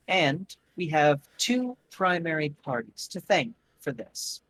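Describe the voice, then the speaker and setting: A game master voicing a polite, stern woman leader, formal and measured, in a tabletop game. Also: mid-range voice, big pitch swings, a bit bright, a little hiss or hum, low-quality recording.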